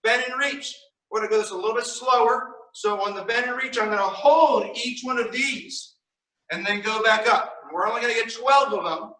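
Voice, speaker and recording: A young man teaching a martial arts class online, firmly giving orders and counting warm-up drills aloud. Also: extremely high pitch, a little fast. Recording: echoey room, mic far off.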